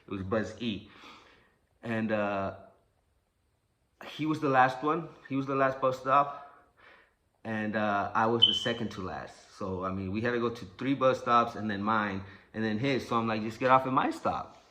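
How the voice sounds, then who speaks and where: A man's voice: lowish voice, normal speed, pushed and bright. A man telling a story from his school days in a casual, rambling way, swearing a lot and acting out the sounds.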